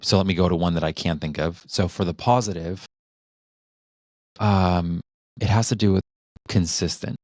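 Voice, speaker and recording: A middle-aged man with a low voice talks in loose, reflective podcast chat, restarting his sentences as he thinks. The recording is dry and close. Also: a little mellow, no room sound. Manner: reflective, many restarts and fillers. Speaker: podcast co-host. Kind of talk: casual conversational chat.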